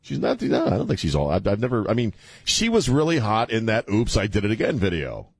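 Deep-voiced, irreverent male radio host. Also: huge pitch swings, brisk, vocal fry, husky, no echo, studio quality. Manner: irreverent, mocking banter with laughs. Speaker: radio talk show host. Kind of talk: call-in radio talk. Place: radio studio. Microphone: studio microphone.

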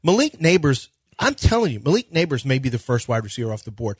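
A man's voice: mid-range voice, very animated, fast talker, slightly rough, no room sound, studio quality. A man co-hosting a sports radio show, telling stories animatedly and quoting others' conversations. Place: radio studio. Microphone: studio microphone.

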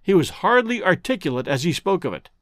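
A man reading a classic detective story as narrator, with expressive storytelling. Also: high voice, a little fast, no room sound, studio quality. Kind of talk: scripted narration.

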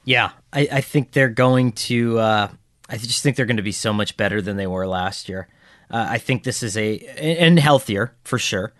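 A man's voice: on the low side, moderate pace, fairly bright tone, no room sound, studio quality. A man co-hosting a football podcast in casual, joking chat, rambling with plenty of fillers. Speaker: podcast co-host.

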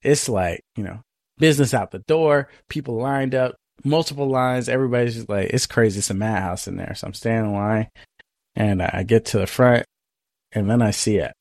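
A man's voice: mid-range voice, brisk, darkish tone, no echo, clean studio sound. A man co-hosting a podcast, telling a story in a casual chat and acting out both sides of it. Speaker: podcast co-host.

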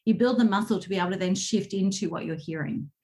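Animated woman coach, lively storytelling. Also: mid-range voice, quick pace. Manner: animated storytelling with laughs and acted quotes. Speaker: guest, communication coach. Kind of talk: casual interview talk.

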